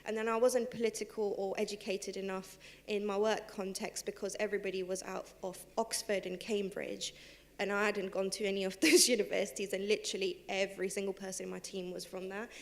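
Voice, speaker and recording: A young woman who is a guest on a live panel, talking quickly and casually about her life, with plenty of fillers and laughing at herself. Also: mid-range voice. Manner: fast, chatty, lots of fillers, laughs at herself. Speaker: panel guest, civil servant and henna artist. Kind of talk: live panel talk, personal storytelling. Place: theatre stage.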